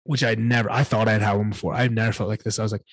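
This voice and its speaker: A man's voice: lowish voice, level tone, rapid-fire, no echo. A man hosting a solo podcast, telling a candid personal story in a rambling way and swearing often. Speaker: podcast host.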